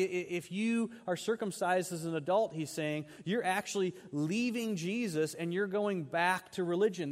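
Man preaching in a reverberant hall. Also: high-pitched. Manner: conversational preaching, reads scripture with emphasis. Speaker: pastor. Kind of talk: sermon.

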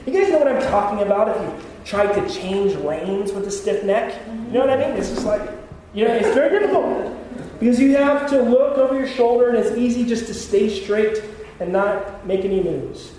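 A man's voice: high-pitched, lively intonation, normal speed, warm tone. A middle-aged male pastor preaching a sermon, telling personal stories with self-deprecating jokes. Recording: echoey hall, mic at a distance.

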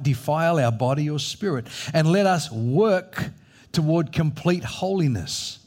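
A man's voice: on the high side, a little mellow. A middle-aged man, preaching a sermon with strong emphasis and acting out the voices in the story. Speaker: pastor.

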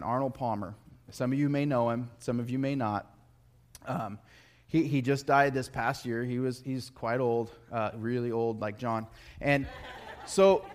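A man preaching a sermon in a conversational way, telling personal stories with joking asides and stumbling restarts. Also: mid-range voice. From United States. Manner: conversational, joking asides, repeats words when starting.

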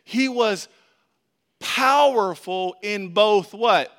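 A man preaching a sermon as a pastor, in a conversational, animated way with frequent restarts. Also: high voice, very slow.

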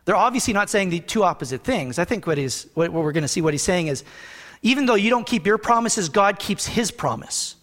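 A male pastor preaching a sermon in an earnest, conversational way, reading scripture slowly and with emphasis. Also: high voice, animated, a bit bright, in a large hall.

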